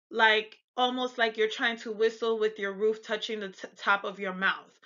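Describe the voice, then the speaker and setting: An American woman in a chatty pronunciation lesson, repeating example words slowly for the viewer. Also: mid-range voice, little pitch movement, sharp tone, lo-fi sound. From United States. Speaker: language tutor.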